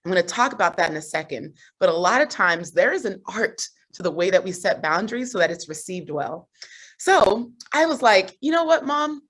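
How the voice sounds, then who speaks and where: A woman coach telling a personal story on a group video call, animated and laughing often. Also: on the low side, moderate pace, slightly rough. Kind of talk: motivational group call talk.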